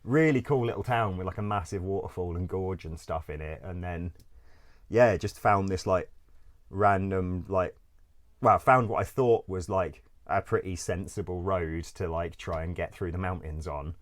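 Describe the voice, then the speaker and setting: Deep-voiced man telling rambling stories. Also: normal speed. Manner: rambling, full of "like", swears freely, laughs often. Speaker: interview guest. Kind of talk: casual storytelling.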